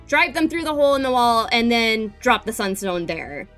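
A woman's voice: fairly high pitch, very animated, moderate pace, fairly bright tone, soft background music. A woman player in a tabletop game who explains her plan hesitantly, searching for words.

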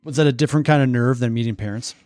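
Fast-talking man co-hosting a podcast. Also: medium pitch, darkish tone, no echo, clean studio sound. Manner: chatty, asks many follow-up questions, teasing. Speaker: podcast co-host. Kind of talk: casual podcast chat.

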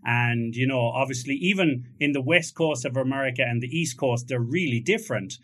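A man with an Irish accent hosts a relaxed interview from his home music studio, chatting easily with a few restarts. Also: medium pitch, fairly quick. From Ireland. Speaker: podcast host. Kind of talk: casual interview chat.

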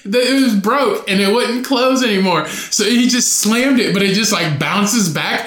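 A young man hosting a solo podcast, telling college stories in a loud, profane, laughing way. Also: high voice, measured pace, hardly any pauses, roomy sound. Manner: profane, laughing often, animated storytelling. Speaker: podcast host. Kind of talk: casual solo podcast storytelling.

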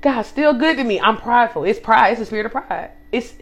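A woman's voice: a little high, a little fast. A young woman co-hosting a casual faith podcast, telling a personal story with emphasis, talking straight to listeners and acting out what people said. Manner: animated storytelling, acts out quoted speech. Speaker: podcast co-host.

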